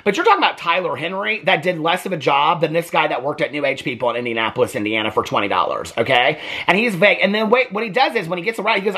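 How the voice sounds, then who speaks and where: Man vlogger, sassy reaction rant with a lively, bright delivery. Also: fairly high pitch, fast talker, breathy edge. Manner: sassy, emphatic, keeps saying "okay?". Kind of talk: casual ranting commentary.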